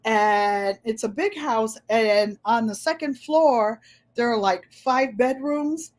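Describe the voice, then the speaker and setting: A woman's voice: a little high, takes it slowly. An older woman with a New England accent, chatting casually through tag questions and telling stories with easy laughs and repeated words. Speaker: vlogger.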